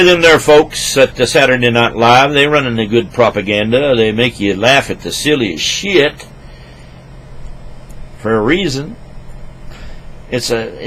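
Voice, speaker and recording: A man rants crudely from his home desk into a computer microphone. His voice is mid-pitched, and he lurches between loud outbursts and low, muttered asides. Faint noise hums behind him. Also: rough recording. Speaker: vlogger. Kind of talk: rambling profane rant to camera.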